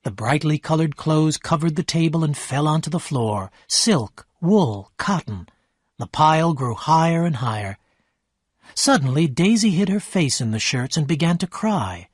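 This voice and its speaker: Brief: male narrator for a graded storybook reading, steady and clear, dry close sound. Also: fairly high pitch, moderate pace, dry recording. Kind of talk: scripted storybook narration for English learners.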